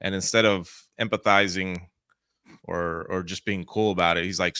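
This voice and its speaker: Deep, bright-toned man telling a profane story. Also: fairly even intonation, normal speed, smooth, no echo. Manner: profane storytelling with ranting asides. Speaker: podcast co-host. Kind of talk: casual chat.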